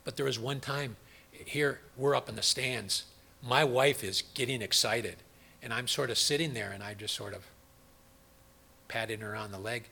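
A man's voice: medium pitch, creaky, bright, forceful tone, breathy edge. A middle-aged man preaching a sermon, asking the audience questions and acting out quoted voices. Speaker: pastor.

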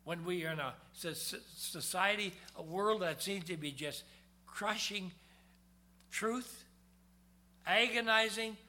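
High, bright-voiced preacher. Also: male voice. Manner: dramatic swings between loud emphasis and hushed low tones; slows down to read scripture. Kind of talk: sermon.

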